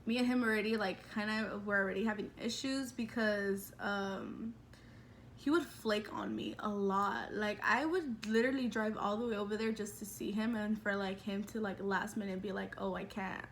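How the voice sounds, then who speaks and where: A woman in her twenties, a vlogger telling a personal story in a chatty, animated way with lots of fillers. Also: mid-range voice, normal speed, a little hiss or hum. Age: 20s. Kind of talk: casual storytelling.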